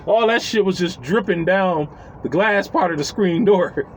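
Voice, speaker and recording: Give me a high-voiced, animated man telling a profane story with faint noise behind him. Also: measured pace, rough recording. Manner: animated, chuckling, acts out quotes.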